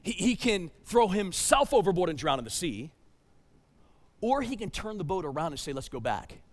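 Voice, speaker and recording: A man preaching a sermon as pastor, emphatic, swinging between loud urgency and hushed tones, sometimes repeating words as he restarts. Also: high voice, big pitch swings, moderate pace, in a large hall.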